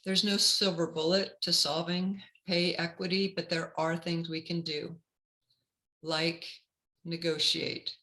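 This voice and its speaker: A woman career counselor giving a webinar talk in a measured, instructive way. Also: fairly low pitch, flat delivery, sharp tone, poor audio.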